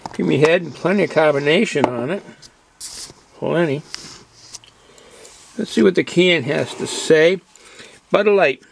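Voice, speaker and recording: A man's voice: fairly high pitch, unhurried, creaky, pauses often. A man with a Boston accent reviewing a beer in casual, rambling talk with many fillers and restarts.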